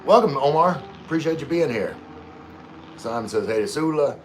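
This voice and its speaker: A man's voice: fairly high pitch, expressive, normal speed, slight background noise. A man hosting a casual livestream, reading viewer comments aloud and chatting back in an easygoing way, often repeating words and restarting. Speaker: livestream host.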